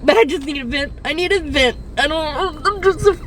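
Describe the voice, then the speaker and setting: High-voiced crying woman in her fifties. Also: noisy background. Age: 50s. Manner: breaking down, swearing, halting with nervous laughs. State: crying and distressed. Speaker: rideshare and delivery driver. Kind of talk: tearful venting video. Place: parked car in a fast-food parking lot.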